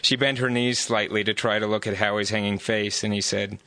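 A man reading his own novel aloud at a live bookstore event in steady narration. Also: on the low side, fairly quick, few pauses, no room sound. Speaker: author reading his book.

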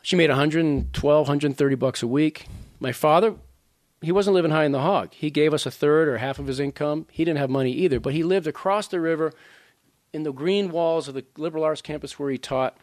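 A man in his sixties from Louisiana talks loosely to a live audience, drifting between personal stories and passages he reads from his book. His voice sits a touch high for a man, and the sound is dry and close with no room echo. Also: a little fast. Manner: conversational, digressive, animated asides to the audience. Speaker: author at a reading. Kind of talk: casual talk and book reading.

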